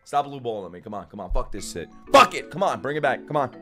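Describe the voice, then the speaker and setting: A man hosting an anime reaction, talking excitedly and profanely, often bursting into shouts and laughter. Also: mid-range voice, fast. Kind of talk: live anime reaction commentary. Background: anime soundtrack music.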